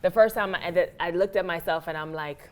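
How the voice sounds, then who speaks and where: A woman with an American accent, an actress and author telling her story as an interview guest, animated and acting out her own past thoughts. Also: on the low side, a little fast. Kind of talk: casual interview talk.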